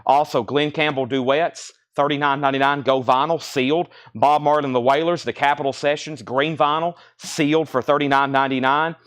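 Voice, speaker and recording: A man hosting a live record sale indoors, briskly listing titles and prices in a chatty auctioneer way, a little choked up. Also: a little high, steady tone, fairly bright tone. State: slightly choked, coughing. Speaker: livestream record seller. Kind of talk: live sales stream.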